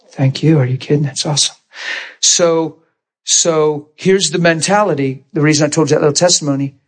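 A man preaching a sermon in a church, telling healing stories in an animated way and often crying out in excitement. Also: a little high, moderate pace. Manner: animated, shouts and cries out in excitement. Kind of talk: sermon with testimony storytelling.

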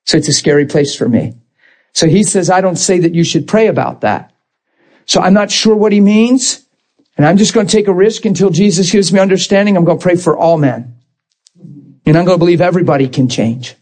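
A man's voice: sits high, brisk, darkish tone. A man preaching a sermon, impassioned and rising to emphatic bursts.

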